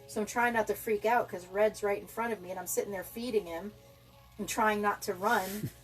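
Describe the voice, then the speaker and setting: Chatty woman telling animated stories. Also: medium pitch, fairly quick, soft background music. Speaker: podcast co-host. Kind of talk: casual chat.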